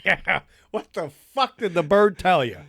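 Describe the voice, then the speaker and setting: A man's voice: high-pitched, animated, measured pace, vocal fry, bright, forceful tone, husky, dry recording, clean studio sound. A middle-aged man co-hosting a podcast, telling crude stories with lots of swearing and laughter. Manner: rowdy, swearing, laughing storyteller. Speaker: podcast co-host. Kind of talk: crude joking banter.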